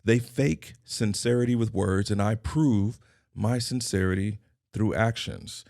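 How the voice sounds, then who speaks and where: A man's voice: on the low side, a little slow, vocal fry, darkish tone, dry recording, studio quality. A middle-aged man hosting his own podcast, delivering a scripted motivational monologue in emphatic, repeated declarations. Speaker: podcast host and consultant.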